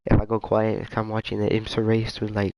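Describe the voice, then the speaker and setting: A man's voice: lowish voice, monotone, brisk, a little mellow, dry recording, highs cut off. A man casually commentating a sim racing league stream, rambling and easygoing with muttered asides. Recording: faint background noise.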